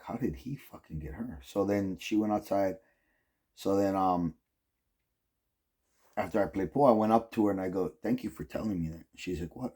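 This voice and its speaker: Middle-aged man, low dark husky voice, casual rambling vlog storyteller, swears a lot. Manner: rambling, heavy use of "like" and "um", profane. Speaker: vlogger.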